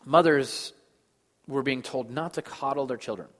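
A man in his thirties preaching a sermon as pastor, moving between loud emphasis and soft, hushed lines. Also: mid-range voice, moderate pace. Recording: long hall reverb.

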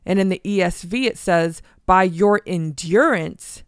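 A woman co-hosting a Bible teaching podcast, reading scripture slowly and deliberately. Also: lowish voice, clean tone, no room sound, clean studio sound.

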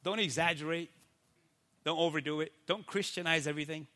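A man who is a pastor giving a casual faith talk, animated and always checking in with "right?". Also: on the high side, fairly quick. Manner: animated, keeps asking "right?" and acts out quoted people.

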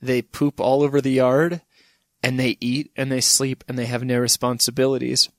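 A man's voice: medium pitch, flat delivery, moderate pace, no room sound, clean studio sound. Rambling male podcast host. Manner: rambling, digressive, laughs. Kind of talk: casual chat.

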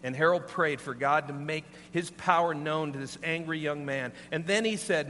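A man preaching a sermon, telling a story in an earnest, animated way. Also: a little high, moderate pace, few pauses. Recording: long hall reverb, faint hum.

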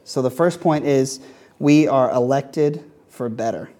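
A man's voice: mid-range voice, unhurried, dark tone. A young man giving a sermon in a conversational way, telling a sports story with fillers and repeated words. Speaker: preacher.

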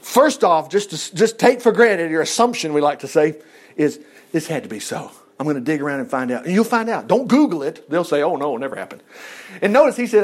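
A man's voice: fairly high pitch, fairly quick. A man preaching a sermon, reading scripture aloud and breaking off into casual asides and chuckles. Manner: lively, asides and chuckles between verses.

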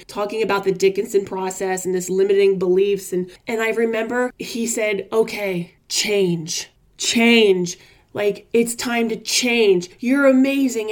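A woman's voice: medium pitch, a little mellow. A woman in her forties sharing a personal story in a vlog, earnest and emotional, with lots of casual fillers. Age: 40s. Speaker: vlogger.

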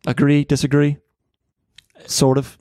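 A man's voice: fairly high pitch, monotone, a little slow, darkish tone, no echo. Earnest male pastor, dry close sound. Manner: earnest, conversational, frequent fillers. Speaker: pastor and podcast co-host. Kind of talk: casual podcast discussion.

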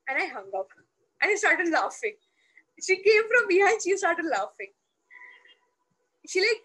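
Interview guest, a woman with a high voice, who tells her stories and plays out the dialogue. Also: moderate pace, rough recording. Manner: animated, acts out quoted dialogue; loose, restarting, many fillers. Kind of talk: personal storytelling.

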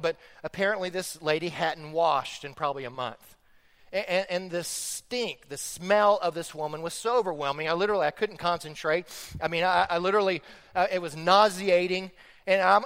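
A middle-aged male pastor preaching a sermon, rising to loud impassioned peaks and dropping to hushed, intimate speech. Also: high voice, big-room sound.

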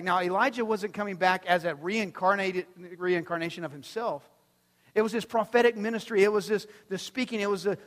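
A man preaching a sermon as pastor, animated and swinging from hushed to loud. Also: high voice. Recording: long reverb from a large hall.

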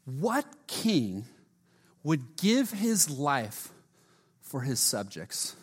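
A man preaching a sermon, earnest, often dropping to a hushed voice, with frequent restarts and repeated words. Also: medium pitch, very animated, drawn-out words, slightly rough. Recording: long hall reverb.

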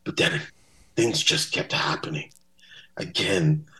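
A man's voice: rumbling low, takes it slowly, pushed and bright. A man telling stories as a podcast guest in a casual interview. He acts out quotes in different voices. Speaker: podcast guest, bass-playing fan.

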